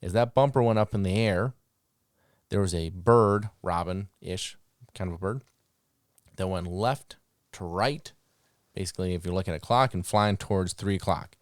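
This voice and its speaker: Deep-voiced man telling training stories. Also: moderate pace, long pauses, no room sound, clean studio sound. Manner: animated, acts out commands and reactions. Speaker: dog trainer and podcast host. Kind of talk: casual storytelling about dog training.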